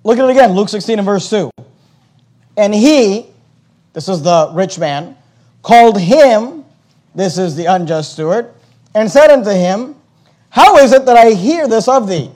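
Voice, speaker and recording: High-voiced impassioned male preacher. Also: lively intonation, moderate pace, pauses often. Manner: impassioned preaching, repeats words when stirred. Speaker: pastor. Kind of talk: sermon.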